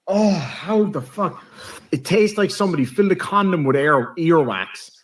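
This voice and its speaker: A man's voice: a little high, expressive, normal speed. A man tasting food on camera, describing it with theatrical, crude disgust. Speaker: video creator in an old clip.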